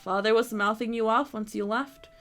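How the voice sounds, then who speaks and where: A woman reading aloud the lines of a rude, sharp-tongued young rich man in a visual novel, in a dry, wry way. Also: a little high, fairly even intonation, moderate pace, faint music behind, close to an everyday voice. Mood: sulky.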